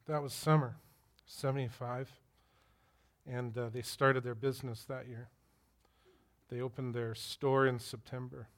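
A middle-aged male pastor with a mid-range voice preaches a sermon, sharing personal stories and asking his listeners direct questions.

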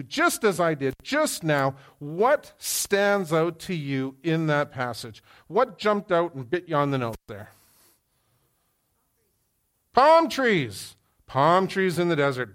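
Animated man preaching a sermon. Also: fairly high pitch, moderate pace, hardly any pauses. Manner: animated storyteller who quizzes the congregation. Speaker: pastor. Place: church hall with live audience.

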